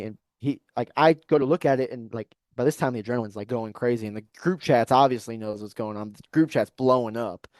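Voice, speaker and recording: A young man telling a hunting story on a podcast in a casual, animated way, often asking "you know what I mean". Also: medium pitch, clean tone, no room sound. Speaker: podcast guest.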